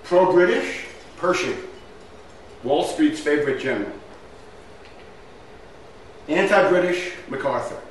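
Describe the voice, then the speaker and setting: Pitched on the high side with lively intonation, the man speaks slowly and pauses often, over slight background noise. He presents a history lecture with slides in an emphatic manner, full of rhetorical questions and "right?" The sound is distant and very echoey, with faint ambience.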